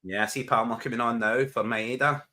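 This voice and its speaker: A man's voice: mid-range voice, steady tone, fairly quick, bright, forceful tone. A Scottish man co-hosting a casual live football watch-along, joking in broad slang and laughing often. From Scotland. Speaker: co-host.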